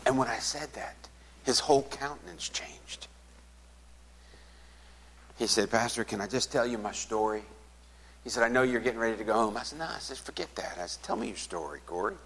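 Speaking a little fast in a large hall, a pastor with a medium-pitched, slightly rough voice retells a conversation in his sermon, voicing both people. He pauses often and softens almost to a whisper when the story turns saddest.

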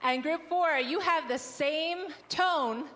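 High-voiced cheerful woman teaching a crowd. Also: takes it slowly, fairly bright tone. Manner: cheerful, teacherly, laughs often. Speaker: missionary presenter. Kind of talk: leading an audience exercise. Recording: long hall reverb.

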